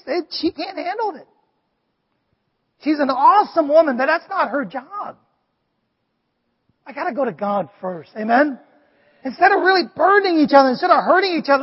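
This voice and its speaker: A male pastor giving an animated sermon, often asking the congregation "Amen?". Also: very high voice. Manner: animated, preachy, asks the crowd "Amen?". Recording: dull, long hall reverb.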